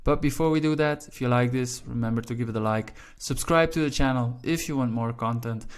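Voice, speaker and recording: A man's voice: medium pitch, brisk, smooth. Man teaching Dutch. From Belgium. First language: Dutch (Flemish). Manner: encouraging, often adds "all right?". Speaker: language teacher and channel host. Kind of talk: casual video lesson.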